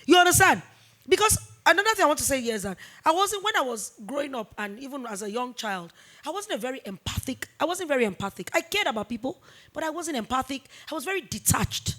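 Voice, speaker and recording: A woman in her forties, a business founder talking in a fireside chat interview, emphatic and animated, repeating points for weight. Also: high-pitched, fast talker. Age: 40s. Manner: emphatic, animated storytelling with repetitions.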